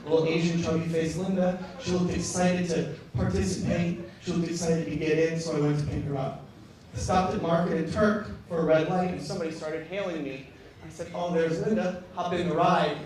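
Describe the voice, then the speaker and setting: A male stand-up comedian from Michigan, swinging between loud outbursts and soft mutters on a club stage. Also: a little high, steady tone, fairly quick. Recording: echoey club, far mic, background noise.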